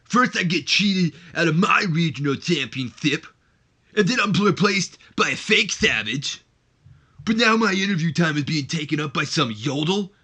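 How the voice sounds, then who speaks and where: A man putting on the voice of a loud, angry male wrestler who rants belligerently during a let's play. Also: on the high side, animated, moderate pace, slightly rough, voice pushed up, full character voice. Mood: ranting. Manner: shouting, belligerent rant.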